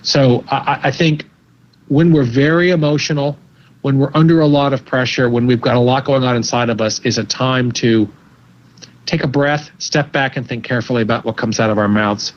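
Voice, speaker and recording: Measured man giving advice, lo-fi sound. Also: mid-range voice, fairly even intonation. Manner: measured, advising, repeats words while thinking. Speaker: psychologist guest. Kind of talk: interview answers.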